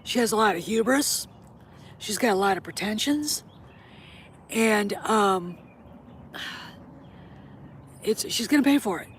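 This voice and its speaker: A woman's voice: medium pitch, lively intonation, slow pace, pauses often, slight background noise. A middle-aged woman chatting casually to her viewers, blunt and opinionated, swearing freely. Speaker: host. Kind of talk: casual vlog chat.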